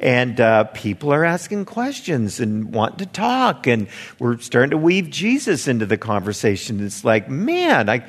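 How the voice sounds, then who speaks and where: A man's voice: medium pitch, very animated, moderate pace, hardly any pauses, long reverb tail. A male missionary giving a conversational spoken testimony, retelling events with quoted dialogue and a wry sense of humor.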